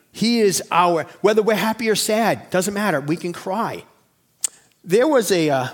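A man in his forties preaching a sermon in an emphatic, conversational way, full of rhetorical questions. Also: a little high. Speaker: pastor.

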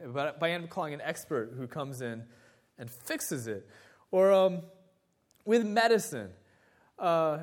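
A young man delivers a sermon in a church, chatting and poking fun at himself as he tells stories. His voice sits fairly high for a man. He speaks as the assistant pastor to his congregation. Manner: conversational, self-deprecating storytelling. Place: church sanctuary.

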